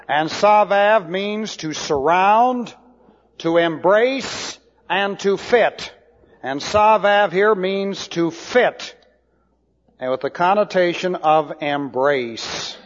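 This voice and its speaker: A man teaching a sermon, slow and deliberate, spelling out Hebrew words letter by letter. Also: high voice. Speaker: Bible teacher. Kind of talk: expository sermon. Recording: dull lo-fi hall recording.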